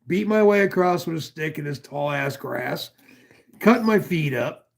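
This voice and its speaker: Man, from northwestern Pennsylvania, fairly high-pitched, rambling, profane, casual storytelling. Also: expressive, measured pace, vocal fry. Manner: rambling and profane, with many asides. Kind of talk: casual chat, telling a long story.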